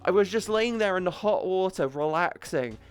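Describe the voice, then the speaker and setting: A woman's voice: lowish voice, lively intonation, moderate pace, smooth, soft background music. A young woman chatting on a live stream, playful and crude, calling her chat sweetie and baby. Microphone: headset boom mic.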